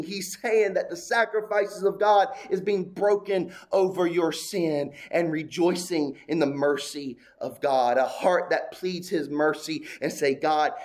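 Pastor guy preaching, slightly high voice, gets all fired up and repeats lines for emphasis. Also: a little mellow. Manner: impassioned preaching, voice climbing high on pleas; repetitive emphatic cadence. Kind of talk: sermon.

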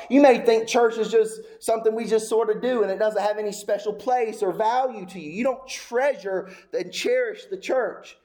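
A man's voice: high-pitched, normal speed, few pauses, dark tone. A male pastor delivering a sermon with emphatic, repetitive phrasing and occasional casual asides. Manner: emphatic preaching with repeated phrases.

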